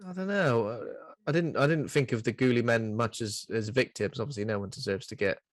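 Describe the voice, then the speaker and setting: A man co-hosting a podcast, chatting playfully about a horror film and cracking quick jokes. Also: mid-range voice, no room sound, studio quality. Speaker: podcast co-host. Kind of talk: casual film recap chat.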